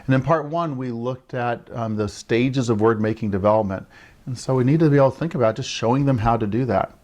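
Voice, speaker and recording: A medium-pitched man with a darkish tone speaks fairly quickly, explaining early writing steps to parents as an educator of young children. He keeps checking in with "right?" and acts out what he'd say to a child.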